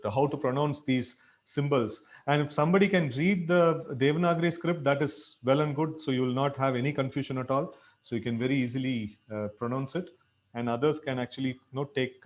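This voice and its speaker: A man leading a scripture reading, coaching pronunciation in a halting way with frequent fillers and self-corrections. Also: medium pitch. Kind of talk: pronunciation lesson, online class.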